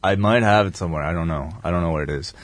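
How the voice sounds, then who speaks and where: Podcast co-host, male, 30s, monotone and unhurried, very deep, dry close mic. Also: dry recording. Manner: monotone, calm, rambling delivery. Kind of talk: casual chat.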